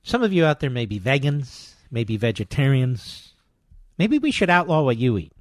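An older man hosting a talk radio show, delivering a combative, sarcastic monologue that swings between loud jabs and quiet asides. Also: mid-range voice, big pitch swings, moderate pace, no room sound, studio quality.

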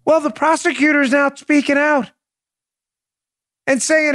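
This political talk show host speaks in a very high, fairly bright voice, though his delivery is flat, a little slow, and broken by frequent pauses. His commentary is still emphatic and opinionated, full of rhetorical questions and restarted sentences, and he addresses listeners as "folks" with direct appeals.

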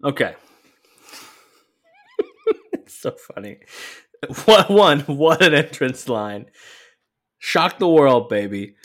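A man hosting a podcast, telling a story in an animated, profane, casual way. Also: mid-range voice, slow pace, pauses often. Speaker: podcast host. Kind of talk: casual chat.

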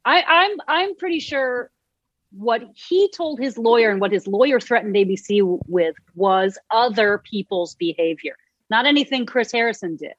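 A woman's voice: fairly high pitch, dry recording, highs cut off. A woman from Massachusetts, a guest chatting casually on a comedy podcast. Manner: quick agreeing interjections, chatty.

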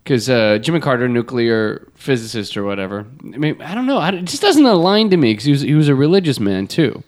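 A man's voice: mid-range voice, big pitch swings, brisk, darkish tone. A man co-hosting a comedy podcast, rambling and joking with lots of restarts. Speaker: podcast co-host.

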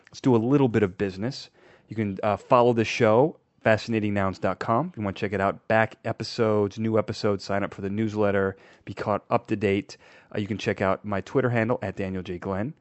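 A man's voice: fairly low pitch, dry recording. A young man hosting a podcast interview, playful and jokey. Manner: playful, jokey, lively with bursts of laughter. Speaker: podcast host.

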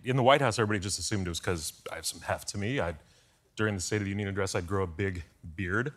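A man guesting on a talk show, telling lively stories in quick bursts. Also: low voice. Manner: lively storyteller, quick asides. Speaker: guest, former speechwriter.

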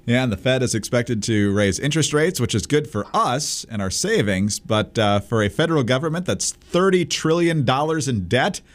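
Man, co-host, political chat, dry sarcasm, average pitch. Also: expressive, normal speed, hardly any pauses. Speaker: podcast co-host. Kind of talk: casual political commentary.

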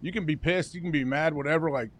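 Relaxed man talking football. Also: a little high, quick pace. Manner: relaxed, explaining with fillers. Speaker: co-host, former football player. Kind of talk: casual sports talk.

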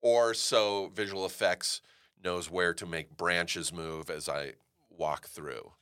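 Deep-voiced man telling set stories. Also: slow, clean tone. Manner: animated, swears freely, laughs while telling stories. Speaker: actor guest. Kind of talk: casual interview storytelling.

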